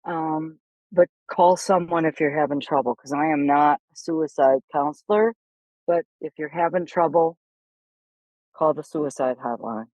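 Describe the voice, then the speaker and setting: A middle-aged woman, a golf instructor, telling stories animatedly in a casual podcast chat, with quick asides and restarts. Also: low-pitched, darkish tone, no room sound, poor audio.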